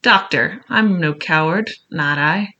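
Silver, a wily one-legged pirate cook, as a reader puts him on. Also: male voice, on the high side, takes it slowly, sharp tone, highs cut off, full character voice. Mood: pleading. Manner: rough seafaring speech, pleading then bold.

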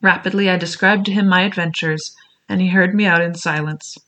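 A reader with a bright, clear tone tells an old adventure tale in a measured, expressive way. The narration is scripted and steady, with each sentence shaped for the listener. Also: mid-range voice. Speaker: audiobook reader.

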